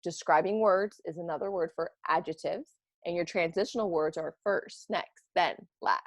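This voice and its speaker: A woman teacher giving a read-aloud writing lesson for children, animated and expressive, a parent herself. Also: on the low side, moderate pace, no echo. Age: adult, parent of children. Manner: animated, expressive, bursts of excitement.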